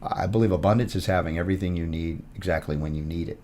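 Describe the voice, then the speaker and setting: A man with a very low, deep voice speaks as a podcast guest. He reflects in a thoughtful, philosophical manner, weighing spiritual ideas as he goes. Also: quick pace, darkish tone, slight background noise. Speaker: podcast guest, health broadcaster. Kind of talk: reflective conversation.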